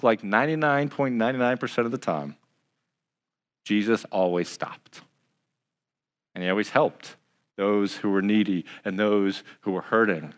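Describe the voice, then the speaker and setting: A male pastor preaching a sermon in a relaxed, conversational way. He speeds up, then slows down and goes quiet. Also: medium pitch, in a large hall. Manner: conversational preaching, shifting from brisk to slow and hushed.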